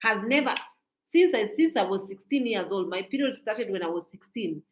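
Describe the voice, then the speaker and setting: A woman's voice: mid-range voice, expressive, moderate pace, a little hiss or hum. Scolding woman in her forties, echoey room. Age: 40s. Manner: scolding, preachy, repeats herself. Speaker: social media commentator. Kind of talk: casual commentary monologue.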